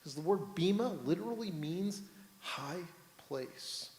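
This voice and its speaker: Casting: male rabbi, fairly high voice, lively sermon storyteller, echoing synagogue hall. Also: unhurried, slight background noise. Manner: storytelling, asks the congregation questions. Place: synagogue sanctuary, on the bima. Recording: echoey hall, roomy reverb.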